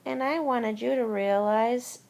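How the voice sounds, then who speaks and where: A woman's voice: on the high side, unhurried, gravelly, darkish tone. A woman teacher giving a recorded spelling lesson to young children, talking them through words and spelling them out letter by letter. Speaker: elementary school teacher.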